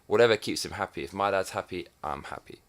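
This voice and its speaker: Here a vlogger from England, a man in his thirties, fires off a crude, sardonic comedy monologue to the camera in a low voice. He talks fast, and his loudness swings throughout.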